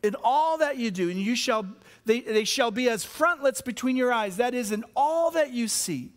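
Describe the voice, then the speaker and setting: A high-pitched man preaches a sermon as pastor. He shifts between loud, excited outbursts and slow, quiet stress on key words. He often stumbles and repeats himself as he builds a point. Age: adult with children.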